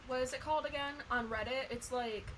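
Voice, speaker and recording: Young female co-host, bright and forceful tone, blunt, crude and giggly. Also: high voice, steady tone, a little fast, slight background noise, low-quality recording. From California and Tennessee. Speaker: podcast co-host. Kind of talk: casual chat.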